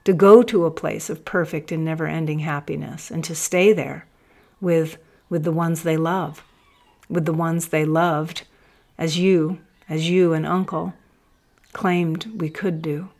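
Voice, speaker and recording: A woman reading the lines of a grieving man who lost his wife and daughter. He speaks in an earnest, searching and halting way. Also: sits low, steady tone, darkish tone. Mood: doubting.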